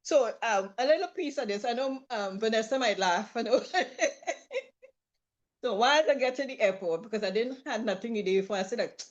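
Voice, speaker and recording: A woman's voice: on the high side, brisk, muffled recording. A woman telling a travel story in casual talk, acting out the people she quotes. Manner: lively, acts out quoted voices, laughs often. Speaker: trip participant sharing a story.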